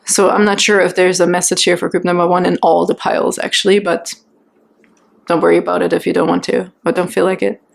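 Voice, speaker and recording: Soft-spoken woman giving a tarot reading. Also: on the low side, level tone, fairly quick, gravelly. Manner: gentle, reassuring, intuitive musings with frequent "okay?" and "right?". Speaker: tarot reader. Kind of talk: pick-a-card tarot reading.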